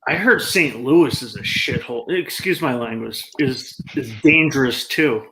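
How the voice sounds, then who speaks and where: A man's voice: medium pitch, a little slow, a crowd in the background. A man chatting on a live stream, telling rambling stories with a sarcastic streak. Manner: sarcastic, rambling, animated storyteller. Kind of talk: casual live-stream chat.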